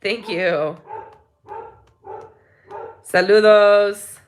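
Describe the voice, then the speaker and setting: A woman's voice: medium pitch, very slow, noisy background. Chatty woman vlogger talking to viewers. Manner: rambling, heartfelt, many ums and restarts. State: tearful near the end. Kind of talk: casual chat to viewers. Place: home in Mexico.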